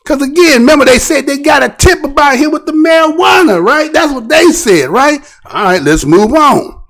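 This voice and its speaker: A male show host delivers commentary on a news clip in a very high voice that swings widely up and down. His tone is gravelly and full of fry, and he keeps pressing his point with rhetorical questions in a preachy, animated manner. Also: moderate pace.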